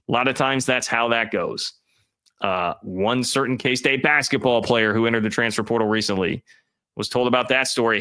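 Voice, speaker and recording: A man's voice: mid-range voice, fairly even intonation, moderate pace, pushed and bright, smooth. A man giving emphatic, opinionated college football commentary, talking directly to his chat viewers.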